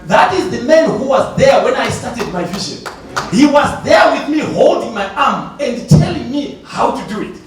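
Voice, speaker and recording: A man, a church elder from Zimbabwe, giving an animated testimony at a conference, laughing often and repeating himself. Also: very high-pitched, normal speed, faint music behind. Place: large conference hall. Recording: echoey hall from far off, faint noise.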